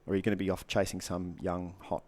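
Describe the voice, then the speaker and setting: Earnest low-voiced man coaching. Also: level tone, fast, a little mellow. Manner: earnest, repetitive advice with short punchy phrases. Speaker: guest coach. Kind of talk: casual podcast conversation.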